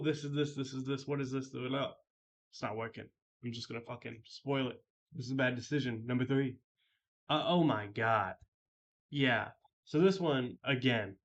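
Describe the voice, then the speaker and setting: A man's voice: mid-range voice, dull audio. A man telling a story in a casual vlog, rambling and heavily profane with many fillers. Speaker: vlogger.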